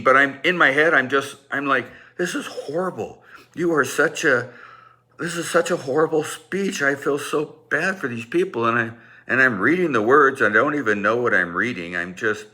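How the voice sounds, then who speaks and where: A man's voice: low voice, sharp tone. A middle-aged man telling a personal story in a rambling, self-deprecating way, with many restarts.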